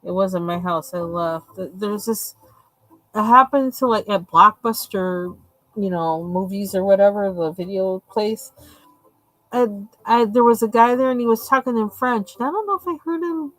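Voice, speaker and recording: A woman's voice: mid-range voice, normal speed, a bit bright, rough recording. A woman from the United States hosting a live coloring stream, chatting casually, laughing often and acting out the lines she quotes. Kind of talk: casual storytelling chat.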